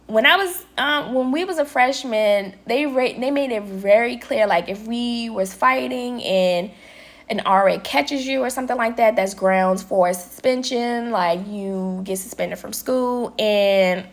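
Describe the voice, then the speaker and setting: Young adult woman, higher voice, casual storyteller who acts out the quotes. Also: a little slow. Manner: chatty, addresses viewers as y'all, quotes people with lively voices. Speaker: vlogger and nail tech.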